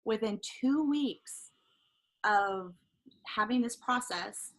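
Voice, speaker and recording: Taking it slowly in a slightly high voice, a middle-aged woman from Southern California, a life coach and interview show guest, tells a personal story in a casual, animated manner. She laughs frequently and acts out others' words, heard through a low-quality recording.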